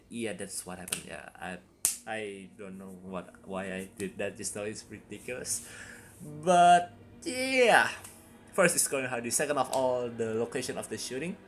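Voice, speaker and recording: A man talks through a horror film review in a loose, rambling vlog style, jumping between thoughts and breaking into sudden excited outbursts. His voice sits at an ordinary middle pitch. Soft music plays faintly behind him.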